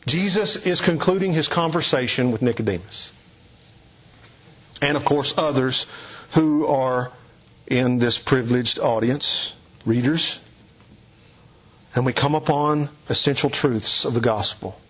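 A pastor from East Kentucky with a Southern accent, preaching an expository sermon in an earnest, emphatic, deliberate teaching cadence. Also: male voice, medium pitch, fairly bright tone, breathy edge. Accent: Eastern Kentucky Southern US. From East Kentucky, USA. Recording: dull lo-fi recording.

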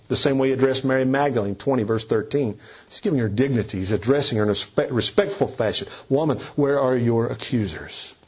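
A man's voice: fairly low pitch, slightly rough, lo-fi sound. A man preaching a sermon as a pastor, earnest and emphatic, stressing key phrases.

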